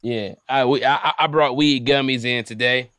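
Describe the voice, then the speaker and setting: A man's voice: medium pitch, fairly even intonation, normal speed, noisy background. A young man hosting a podcast with a comedian's style, joking and swearing a lot and often switching into silly voices. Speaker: podcast host. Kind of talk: casual comedic chat.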